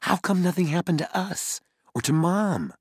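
A quiet, curious boy, as a male narrator puts him on. He asks questions in a hushed voice pitched above the narrator's own. The reading is dry and close. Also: lively intonation, normal speed, husky, dry recording, full character voice. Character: boy, quiet and thoughtful twin brother.

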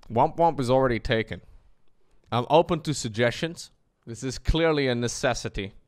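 A man chatting casually and jokingly on his live stream, animated and playful. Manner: joking, animated, with playful high-pitched squeals.

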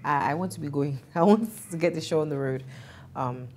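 Woman in her thirties, interview guest; lively, laughs easily, plays out what others said. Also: deep voice, a little fast, a little hiss or hum. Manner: animated, laughs often, acts out quoted voices. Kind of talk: emotional interview storytelling.

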